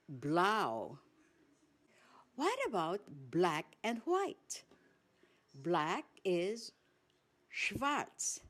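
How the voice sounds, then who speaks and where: A woman with a Filipino accent presenting a basic language lesson, saying each word slowly and repeating it. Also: lowish voice, a little mellow. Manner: slow, careful, repeats each word twice. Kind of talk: slow scripted language lesson.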